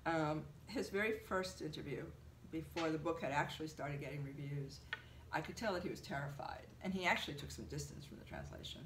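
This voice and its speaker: A woman being interviewed, telling an animated story with lots of fillers. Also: deep voice, a little fast, roomy sound, noisy background. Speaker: translator, interviewee. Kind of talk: conversational interview.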